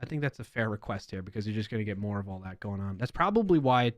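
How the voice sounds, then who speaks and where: A man's voice: on the low side, animated, quick pace, no room sound. A man with a New York accent hosting a casual live stream, reading viewer comments aloud with playful emphasis and chatting as he goes.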